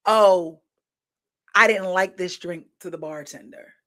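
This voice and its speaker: A woman hosting a candid talk show, telling stories in an animated way and often asking listeners "right?". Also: medium pitch. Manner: animated storytelling, frequent rhetorical "right?" and laughter. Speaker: podcast host. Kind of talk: candid opinion talk addressing viewers.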